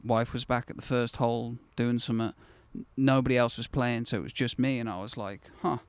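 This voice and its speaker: A man's voice: medium pitch, steady tone, fairly quick, clean tone, no echo. Candid man telling a personal story. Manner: candid, conversational, reflective with bursts of enthusiasm. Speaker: channel host. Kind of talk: casual personal storytelling to camera.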